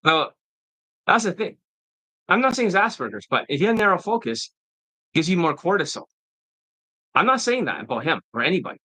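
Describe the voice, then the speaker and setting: Bright, combative male dating coach. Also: high voice, sing-song, a little fast, long pauses, no room sound, poor audio. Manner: profane, combative, mocking. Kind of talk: casual ranting monologue.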